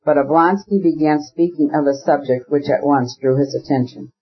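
A man narrating a classic novel as an audiobook, in a measured, even storytelling manner with a husky voice. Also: on the high side, lo-fi sound.

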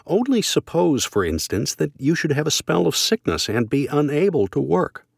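A gloomy, fretful lady, as a male reader puts her on frets over what might go wrong. Her voice rises high above the reader's own low tone and lectures in an anxious, worrying way. The recording is dry and close. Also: very animated, moderate pace, creaky, slightly rough, dry recording, heavily acted.

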